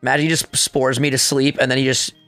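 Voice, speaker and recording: A man giving casual, excitable commentary while playing a video game against a friend, trash-talking as he goes. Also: no room sound, faint music behind. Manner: excitable, trash-talking, quick pitch jumps. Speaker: co-host gamer.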